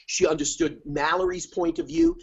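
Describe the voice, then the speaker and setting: A man's voice: extremely high pitch, wildly swooping pitch, normal speed, gravelly. A man co-hosting a podcast, giving emphatic, opinionated remarks in casual chat. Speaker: podcast co-host. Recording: dull lo-fi podcast audio.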